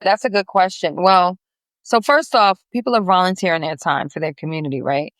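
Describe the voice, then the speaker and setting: A woman's voice: fairly low pitch, a little fast, fairly bright tone, dry recording. A woman guest on a business podcast, chatting in a rambling, friendly way with many restarts. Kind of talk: casual interview chat.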